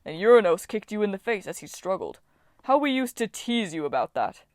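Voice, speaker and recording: A woman reading an audiobook, voicing a boisterous, hulking male Titan warrior with a booming, grand way of speaking. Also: sing-song, a little fast, no room sound, clean studio sound, natural voice. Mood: jovial.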